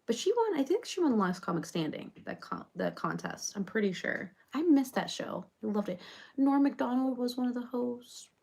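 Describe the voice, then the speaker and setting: A woman's voice: fairly high pitch, big pitch swings, normal speed, gravelly, a little mellow, slightly rough, exaggerated voice. A woman playing a rambling reality-show personality in a comedic parody monologue, chattering on with loads of fillers.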